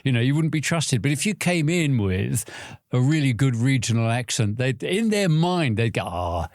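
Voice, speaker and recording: A man's voice: medium pitch, lively intonation, normal speed, a little mellow, dry recording, studio quality. Older man, reflective and hesitant. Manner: hesitant restarts, reflective anecdotes. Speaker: guest, advertising veteran. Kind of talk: casual conversation.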